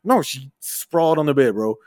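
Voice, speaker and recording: A man's voice: medium pitch, normal speed, no echo, studio quality. A man co-hosting a podcast, telling stories in casual, profane chat. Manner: profane, animated storyteller. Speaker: podcast co-host.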